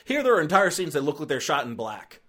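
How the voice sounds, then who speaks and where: A man with a fairly high voice, reviewing a film in a loose, rambling way. He sounds exasperated and circles back on his points, with lots of fillers and restarts. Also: sing-song, fast, bright, forceful tone. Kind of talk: casual spoken review.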